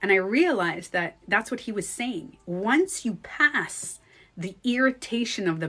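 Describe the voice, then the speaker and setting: A woman vlogger telling a personal story in casual chat, animated and swearing freely. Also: mid-range voice, a little slow. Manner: animated, swears freely, acts out quoted speech. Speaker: beauty coach vlogger.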